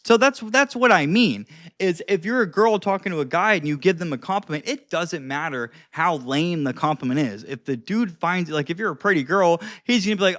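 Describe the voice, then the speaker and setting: A man's voice: fairly high pitch, lively intonation, brisk, a bit bright, no echo, clean studio sound. A young man giving casual advice on social skills, loose and chatty with lots of fillers and some cussing. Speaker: social skills video host. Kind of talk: casual advice talk to camera. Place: seated indoors.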